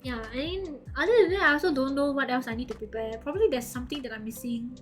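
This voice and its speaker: Young Singaporean woman streamer, high pitch, giggly, rambling chat, faint music underneath. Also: fast talker. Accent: Singaporean English. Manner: giggly, rambling, laughs often. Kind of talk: casual chat with live viewers.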